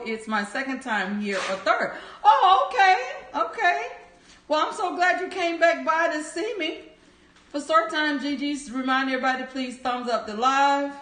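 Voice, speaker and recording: A woman's voice: high-pitched, a bit bright. A woman hosting a livestream, cheerfully greeting viewers by name and reading their chat comments aloud. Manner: upbeat, cheering. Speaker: livestream host. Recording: echoey room.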